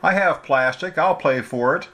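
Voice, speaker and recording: A man's voice: fairly high pitch, a bit bright, pitched above the performer's own voice, lightly acted. A man doing a teasing young runaway heiress. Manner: teasing and quick-witted.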